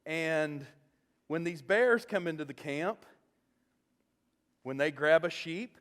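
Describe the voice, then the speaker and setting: A male pastor preaching a sermon, animated as he tells a story and often checking in with "okay?". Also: a little high, slow, in a large hall.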